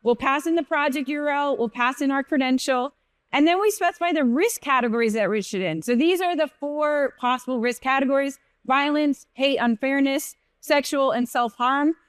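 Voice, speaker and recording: A woman's voice: high-pitched, normal speed, dry recording. Chatty woman walking through code. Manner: casual, chatty, with fillers and self-corrections. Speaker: developer presenter. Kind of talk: live coding demo walkthrough. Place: conference stage.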